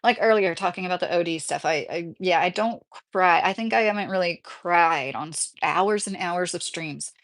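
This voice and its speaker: A woman's voice: lowish voice, normal speed, hardly any pauses. A woman livestreamer reading out chat comments and answering them in a heated, casual way.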